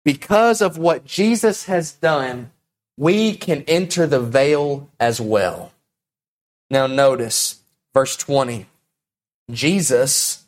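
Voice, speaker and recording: A male pastor preaching a sermon, emphatic and dramatic, shifting between loud, raised emphasis and low, quiet lines and acting out quotes. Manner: acts out quotes in different voices.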